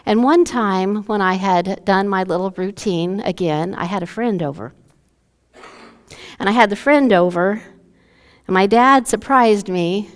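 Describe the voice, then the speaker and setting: A woman pastor preaching a sermon and telling a story, acting out the lines of both speakers. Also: medium pitch. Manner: storytelling, acts out dialogue with her dad. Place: church sanctuary. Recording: long church hall reverb.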